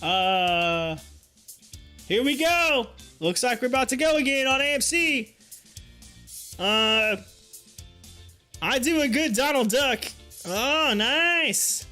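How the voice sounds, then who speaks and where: A man hosting a live stream in relaxed, rambling chat, laughing often as he talks. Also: extremely high pitch, slow, long pauses, soft background music. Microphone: headphones on.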